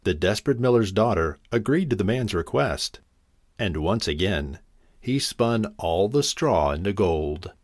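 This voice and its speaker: A man narrating a fairy tale in an expressive, animated reading. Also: lowish voice, a little slow, no echo, clean studio sound. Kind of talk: storybook narration.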